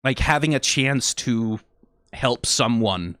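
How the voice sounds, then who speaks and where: A male streamer talking through a video in casual, analytical commentary, with a mid-pitched voice. He swears freely and gets excitable and emotional. The sound is dry and close. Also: slow pace, no room sound. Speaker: reaction streamer.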